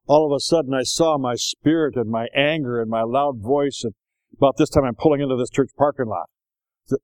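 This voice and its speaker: An older man preaching in a folksy, animated storytelling manner, acting out voices now and then. His voice sits at an ordinary pitch for a man. The sound is dry and close, with almost no room around it. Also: normal speed, dry recording, low-quality recording. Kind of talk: sermon.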